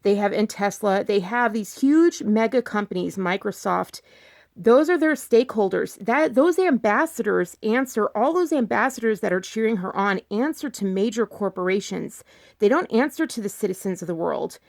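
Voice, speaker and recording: A woman vlogger talking in casual commentary, repeating her points and firing off rhetorical questions, her pitch jumping up when she gets emphatic. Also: animated, normal speed, gravelly. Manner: insistent, repeats herself, fires rhetorical questions.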